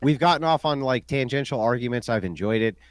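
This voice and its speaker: A man's voice: medium pitch, animated, fast talker. A man arguing in an online debate, mocking and combative, often laughing at the people he argues with.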